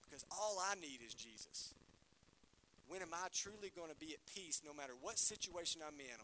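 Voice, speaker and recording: Bright-voiced preacher in a church. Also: male voice, on the high side, animated, moderate pace, a little hiss or hum, low-quality recording. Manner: preaching to a congregation, asking them questions. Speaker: pastor. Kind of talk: sermon. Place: church hall.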